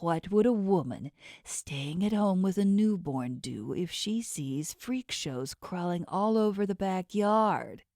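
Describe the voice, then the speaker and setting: A woman's voice: lowish voice, lively intonation, slow, dark tone, no room sound, studio quality. A woman voicing a menacing inhuman male boss with shark teeth, talking down coldly and threateningly in an audiobook. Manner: cold, threatening, condescending. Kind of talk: audiobook character voice.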